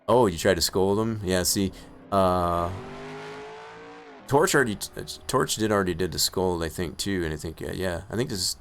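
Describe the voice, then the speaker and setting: A man commenting on his own sim-racing session in a live stream, with excitable outbursts and rambling asides. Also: low-pitched, normal speed, gravelly, slight background noise.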